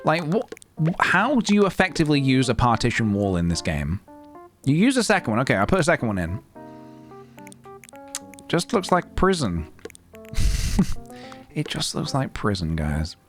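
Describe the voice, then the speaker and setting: A man's voice: medium pitch, wildly swooping pitch, normal speed, pauses often, fairly bright tone. A young man chatting playfully and rambling while live-streaming a game, breaking into sing-song noises. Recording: faint guitar music behind.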